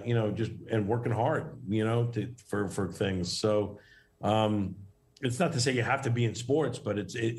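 A man's voice: lowish voice, darkish tone. A middle-aged man from New York, a guest in a casual interview, talking in a rambling way with many restarts and fillers.

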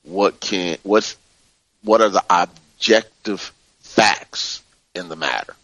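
A man leading a spiritual book study, reading passages and explaining them slowly and calmly, often repeating soothing phrases. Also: deep voice, no room sound.

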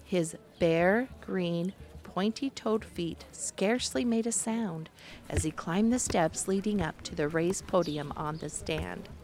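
A woman narrating a fantasy storybook in a measured, descriptive manner. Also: fairly low pitch, darkish tone.

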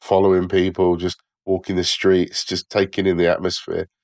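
A man's voice: deep voice, completely flat delivery, moderate pace, a little mellow, no room sound. A man in a casual podcast chat, laid-back and blunt. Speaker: podcast co-host.

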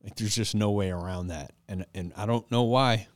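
Low-voiced man telling a story, laughing. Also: moderate pace, dry recording. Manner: animated, self-mocking, laughs while telling. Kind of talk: casual storytelling.

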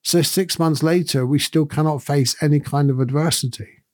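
Man, middle-aged, slightly high voice, reflective monologue, earnest, conversational. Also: normal speed, darkish tone, no echo, clean studio sound. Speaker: podcast host.

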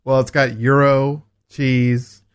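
A man's voice: medium pitch, flat delivery, takes it slowly, clear, resonant tone. A man, a co-host or producer on a talk show, chatting casually in an easygoing, self-deprecating way. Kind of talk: casual chat.

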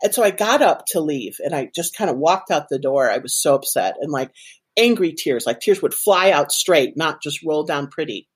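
A woman's voice: low voice, animated, moderate pace, slightly rough. A woman guest in an interview, telling a personal story animatedly with many fillers. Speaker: guest, organization president.

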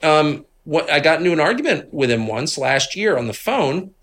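A middle-aged man from Washington, D.C. talks in a conversational interview, telling stories with indignant emphasis. His pitch swings widely, his tone is bright and forceful, and his voice has a husky edge. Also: moderate pace. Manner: animated, indignant, emphatic storytelling. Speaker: interviewed guest, political commentator.

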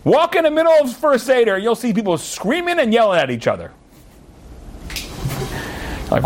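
Guy giving a torah class, high voice, swoops up and down a lot, acts out the arguing. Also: moderate pace, long pauses, slight background noise. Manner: animated, acts out arguing students in raised voices. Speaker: rabbi teaching.

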